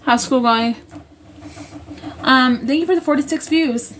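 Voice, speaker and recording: A woman's voice: sits high, unhurried, a bit bright, slight background noise. Rambling, self-correcting woman livestreaming. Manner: rambling, often stops and corrects herself mid-sentence. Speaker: livestream host. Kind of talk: casual livestream chat, reading viewer comments aloud. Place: indoors at home, roommate in the next room.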